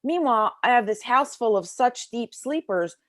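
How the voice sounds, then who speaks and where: A middle-aged woman telling a personal story as an interview guest in a casual, animated way, acting out the voices of people in it, recorded in a bedroom at home. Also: a little high, moderate pace, no room sound, studio quality. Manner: casual, lots of fillers like "like".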